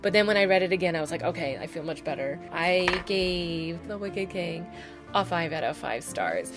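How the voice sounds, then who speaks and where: A woman's voice: fairly low pitch, lively intonation, normal speed, music in the background. A woman casually reviewing a novel on her channel, gushing and chatty, with lots of "like" and "oh my God". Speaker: book reviewer. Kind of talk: casual spoiler-filled book review.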